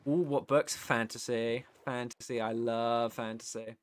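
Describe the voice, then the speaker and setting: A man's voice: mid-range voice, fairly even intonation, unhurried, clean tone. A man from the United Kingdom chatting casually on a live stream, reading chat aloud and rambling with the odd swear. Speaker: streamer and voice actor.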